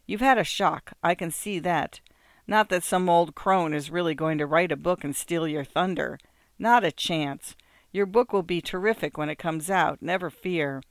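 A man reading an audiobook, voicing a cheerful, soothing older husband with a bright, lively delivery. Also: fairly high pitch, moderate pace, dry recording, studio quality, natural voice. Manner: jovial, reassuring.

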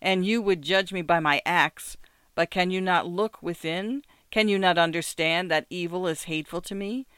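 A man's voice: high voice, moderate pace, sharp tone, clear, resonant tone, no room sound, clean studio sound. A man voicing a desperate, guilt-ridden murderer who pleads with passion. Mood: anguished. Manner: anguished, pleading, impassioned.

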